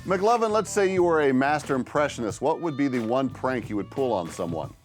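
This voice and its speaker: A man's voice: mid-range voice, animated, fairly quick, faint music behind. A man hosting a radio show, moving the talk along and tossing questions to his co-hosts. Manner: upbeat, tosses questions to others. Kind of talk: casual studio chat, segment links.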